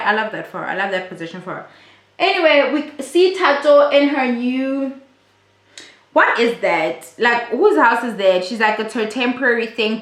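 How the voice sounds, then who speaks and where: A woman's voice: on the high side, a bit bright. A woman giving a chatty, blunt and profane casual recap of a reality show. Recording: roomy echo.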